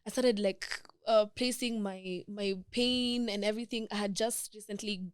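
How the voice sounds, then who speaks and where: A young woman with a Kenyan accent, a guest in an interview, telling a personal story in an emotional, halting way with many restarts. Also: medium pitch, fairly even intonation, a little hiss or hum. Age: young adult.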